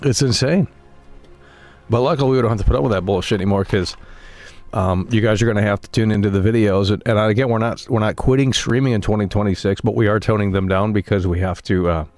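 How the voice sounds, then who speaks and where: A man's voice: fairly low pitch, quick pace, a little mellow, dry recording, soft background music. A man streaming live, ranting bluntly at his chat with plenty of swearing. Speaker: game streamer.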